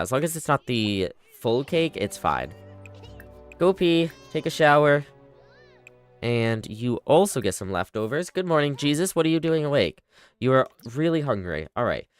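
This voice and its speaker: Livestreamer, casual gameplay commentary, chatty, bossy toward characters, animated pitch. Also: smooth. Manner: chatty, bossing game characters around.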